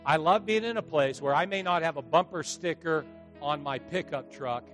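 A middle-aged man preaches with a playful, animated delivery, joking and slipping into the voices of the people in his stories. His voice sits a bit high for a man. Faint music plays behind him. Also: normal speed. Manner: animated, joking storyteller who acts out voices. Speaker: pastor. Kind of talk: sermon.

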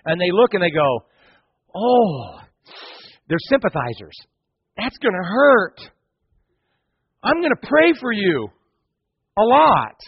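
A man's voice: high-pitched, husky, dry recording, muffled recording. A man preaching a sermon to his congregation, full of rhetorical questions and acted-out voices. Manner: animated preaching, acts out characters, rhetorical questions. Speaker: pastor.

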